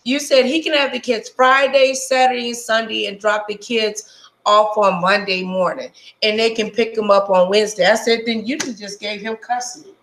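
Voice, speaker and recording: A woman hosting a casual live stream, telling stories in an animated, blunt way and swearing freely. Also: a little high, normal speed, reverberant, low-quality recording.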